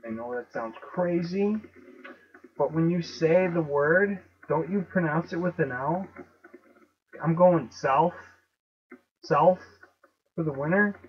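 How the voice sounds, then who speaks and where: A man with a Chicago accent talks casually to his viewers. He is emphatic, repeats words and spells out letters slowly. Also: fairly high pitch. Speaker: video host. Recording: dull lo-fi recording.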